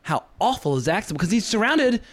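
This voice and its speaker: Male podcast host, fast and excitable, a bit high-pitched, casual movie talk. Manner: rapid, excitable ranting with laughs. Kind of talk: casual film discussion.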